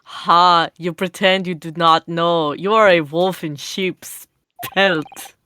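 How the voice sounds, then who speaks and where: A woman voicing a gruff male sailor with a put-on Russian accent, reading game dialogue in menacing, clipped broken English. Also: lowish voice, steady tone, slow, sharp tone, dry recording. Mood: threatening.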